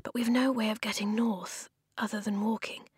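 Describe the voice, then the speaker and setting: A woman voicing a worried young girl heroine who speaks in a breathy whisper, in a storybook reading. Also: mid-range voice, fairly even intonation, normal speed, dry recording, clean studio sound. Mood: hushed.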